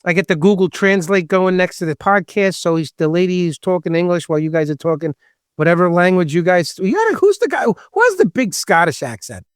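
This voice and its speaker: A man with a Long Island New York accent and a loud, distinctive voice, joking and chatting as a podcast host. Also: high-pitched, a little fast, clean tone, dry recording, clean studio sound. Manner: animated, joking, talkative. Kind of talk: casual podcast chat.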